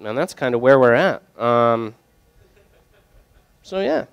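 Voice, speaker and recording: Joking young man with a smooth voice. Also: mid-range voice, lively intonation, takes it slowly. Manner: joking, loose, rambling with many fillers. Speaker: brewery sales rep. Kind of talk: casual storytelling to a group.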